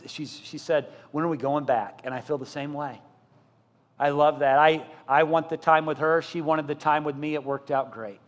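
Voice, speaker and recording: A middle-aged man preaching a sermon as pastor, asking the congregation questions and building to loud, emphatic repetition. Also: a little high, fairly even intonation, moderate pace. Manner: asks the congregation rhetorical questions. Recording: long church-hall reverb.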